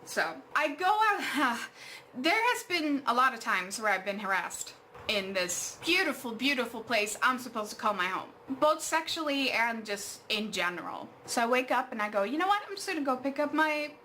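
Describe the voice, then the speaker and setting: A woman's voice: a little high, animated, moderate pace, pushed and bright, slight background noise. A young adult woman vlogging at home, telling an exasperated story full of fillers and swearing. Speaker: art vlogger. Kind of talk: casual storytime vlog.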